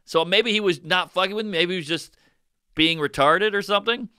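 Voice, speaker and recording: Guy telling comedy stories on a podcast, super bright crisp voice, dead dry sound, keeps jumping way up to act out quotes. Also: brisk, dry recording. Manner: acts out quotes with big jumps in pitch. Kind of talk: podcast chat, comic storytelling.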